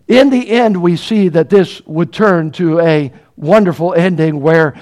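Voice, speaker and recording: A man preaching a sermon, asking the congregation rhetorical questions and building to loud, emphatic peaks. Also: a little high, unhurried.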